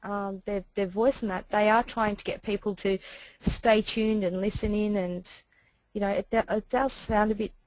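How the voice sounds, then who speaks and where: A woman's voice: mid-range voice, level tone, normal speed, a little mellow, dry recording, low-quality recording. A woman taking part in a webinar discussion, talking in a rambling way with many restarts. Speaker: webinar participant.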